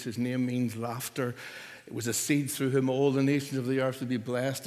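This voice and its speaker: An older man preaching a sermon, earnest and building at times to loud, forceful emphasis. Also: mid-range voice, long reverb tail.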